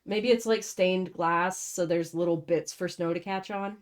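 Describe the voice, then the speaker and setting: A young woman reads a novel aloud and keeps stopping to mock it, blunt and sarcastic, with casual swearing. Her voice sits somewhat low. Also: steady tone, a little slow. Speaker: host reading a novel aloud. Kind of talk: book reading with sarcastic commentary.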